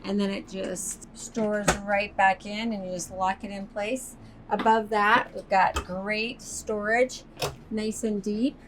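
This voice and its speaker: A woman's voice: medium pitch, flat delivery, takes it slowly, noisy background. A woman presenting a walk-through tour inside a motorhome, upbeat and chatty like an enthusiastic salesperson. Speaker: RV sales expert giving a tour.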